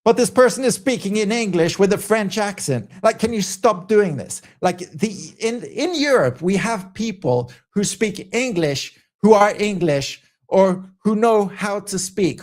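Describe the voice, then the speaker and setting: Rambling, exasperated male streamer. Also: high-pitched. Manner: rambling, exasperated ranting with many "like" fillers. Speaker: stream host. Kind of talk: casual commentary stream.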